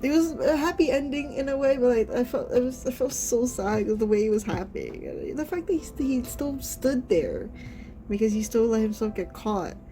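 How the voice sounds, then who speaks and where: A woman's voice: on the high side, very animated, normal speed, mellow, soft background music. A woman streamer reacting to a game, reading its lines aloud and gushing, often exclaiming and trailing off mid-sentence.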